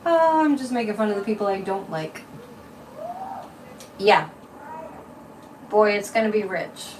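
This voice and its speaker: A woman's voice: mid-range voice, big pitch swings, measured pace, far from the mic, slight background noise, rough recording. A woman from Massachusetts hosting a casual psychic livestream, chatty and mocking, repeating words and laughing often.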